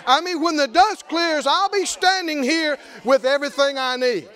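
A male pastor preaching a lively sermon, often laughing and calling out to the congregation. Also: very high voice, normal speed. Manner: animated, laughing, call-and-response preaching.

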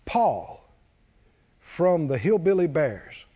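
Animated high-pitched preacher, lo-fi. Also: male voice, slow, slightly rough. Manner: animated preaching, jokes with congregation, does cartoon voices. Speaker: pastor. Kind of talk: sermon.

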